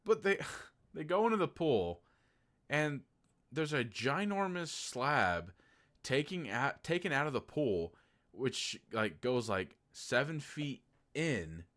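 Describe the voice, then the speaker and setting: A man's voice: mid-range voice, sing-song, takes it slowly, a bit bright. A man from Oklahoma giving a casual, sarcastic movie review, swearing freely and acting out his own incredulous reactions. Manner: acts out incredulous reactions in a raised voice.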